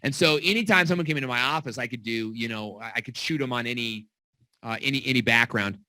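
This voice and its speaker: Bright energetic man coaching. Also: mid-range voice, quick pace, no echo. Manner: energetic, animated storytelling with acted quotes. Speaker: video marketing coach. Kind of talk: casual teaching talk. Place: home basement studio.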